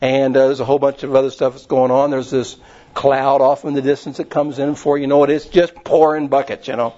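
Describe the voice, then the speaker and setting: A man's voice: medium pitch, level tone, brisk, warm tone. A man preaching a casual, rambling sermon, retelling stories with many fillers. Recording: muffled lo-fi recording.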